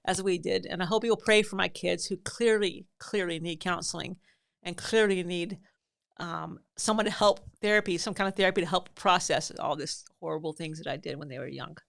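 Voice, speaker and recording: A woman hosting a podcast, telling a funny story in an animated way, acting out voices and often breaking into laughter. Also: lowish voice, a little fast, vocal fry. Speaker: podcast host and mother. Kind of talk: comic storytelling.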